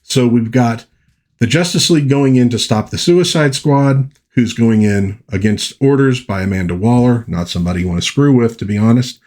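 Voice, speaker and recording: A man's voice: medium pitch, moderate pace, a little mellow. A man chatting casually through a comic book review, rambling and correcting himself as he goes.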